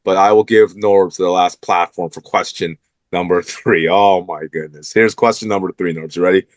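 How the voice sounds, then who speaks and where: A man's voice: low voice, steady tone, moderate pace, no echo. A man hosting a sports talk show, fired up and emphatic as he calls out the team's owners.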